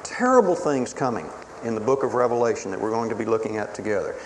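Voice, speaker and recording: A man preaching a sermon in a dramatic, emphatic way, swinging between booming declarations and hushed pleas. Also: lively intonation, quick pace. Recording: reverberant hall with faint ambient noise.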